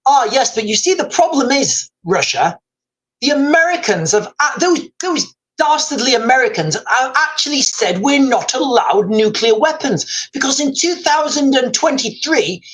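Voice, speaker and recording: A man's voice: very high voice, sing-song, moderate pace, fairly bright tone, full character voice. A man voicing a polite male Iranian official with a plummy upper-class English accent. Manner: genteel, overly polite.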